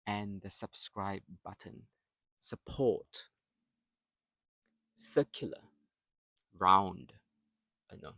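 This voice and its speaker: A man gives an English pronunciation lesson in a slightly low voice, taking his time over every word. He repeats example words and leans on the stressed syllables. The sound is dry and close. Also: a bit bright, no echo.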